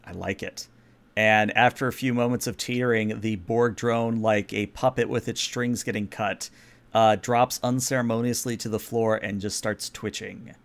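A man's voice: on the low side, normal speed. Man running a tabletop game. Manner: explains rules patiently, relaxed. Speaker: game master.

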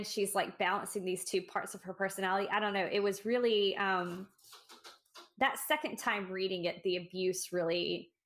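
Medium in pitch and fairly bright, her voice carries a casual podcast discussion of a short story that she co-hosts. She's reflective, working through ideas aloud with several restarts.

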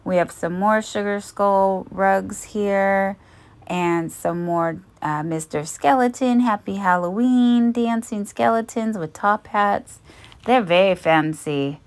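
A woman narrating a shopping haul as a vlogger, chatty and gentle, cooing over cute finds. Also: medium pitch, slow pace.

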